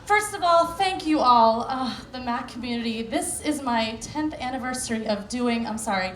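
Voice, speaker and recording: Female cabaret singer, high-ish voice, effusive award speech, echoey hall recording with noise. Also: animated, moderate pace, a bit bright. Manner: effusive, grateful, emotional, long list of thanks. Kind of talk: acceptance speech. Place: on stage at an award show.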